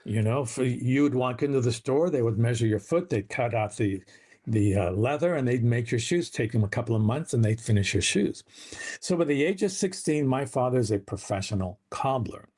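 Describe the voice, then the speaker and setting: A man's voice: medium pitch, expressive, moderate pace, darkish tone. A man, a guest author, telling a family story in a podcast interview, acting out the quoted voices.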